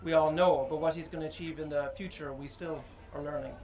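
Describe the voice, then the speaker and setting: Halting, higher-voiced man. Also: steady tone, noisy background. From Ireland. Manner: halting and reflective, with many pauses and fillers. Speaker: speaker at a statue unveiling. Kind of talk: informal public speech.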